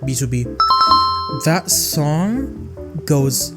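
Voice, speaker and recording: A young man chatting casually through a song-by-song music review, rambling and expressive, with music playing behind him. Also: fairly high pitch, extremely slow.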